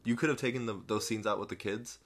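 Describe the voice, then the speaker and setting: Male co-host, lower voice, dry and offhand. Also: fairly even intonation, fast, fairly bright tone. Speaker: podcast co-host. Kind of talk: casual movie chat.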